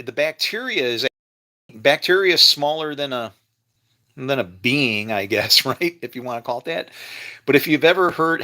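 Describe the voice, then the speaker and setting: Bright-voiced man rambling emotionally. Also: mid-range voice. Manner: rambling, emotional, with frequent laughs and restarts; preachy, talks about faith. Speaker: vlogger. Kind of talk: rambling casual monologue. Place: home kitchen.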